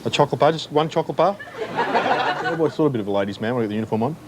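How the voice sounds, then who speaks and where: A man's voice: mid-range voice, lively intonation, rapid-fire, over a noisy crowd, very noisy. An Australian man doing a prank comedy bit as a mock-official parking attendant, teasing passers-by in a car park. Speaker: comedy segment presenter posing as parking attendant.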